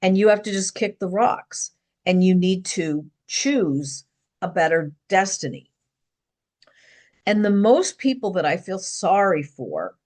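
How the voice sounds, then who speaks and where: A middle-aged woman talking to camera in an earnest, rambling personal monologue, pausing and restarting as she goes. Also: lowish voice, darkish tone. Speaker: vlogger.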